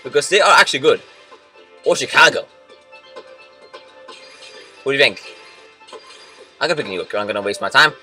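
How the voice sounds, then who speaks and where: Excitable young gamer, bright lively voice. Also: male voice, mid-range voice, moderate pace, long pauses. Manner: excitable, shouts and yells at the game. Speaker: let's play gamer. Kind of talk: game commentary. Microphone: computer mic. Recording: music from the game in the background.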